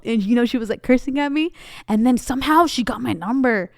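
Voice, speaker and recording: A woman's voice: fairly high pitch, fast, no echo, studio quality. A young Mexican-American woman co-hosting a casual chat, telling stories with lots of quoted dialogue. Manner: chatty storyteller, animated quoting. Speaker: podcast co-host.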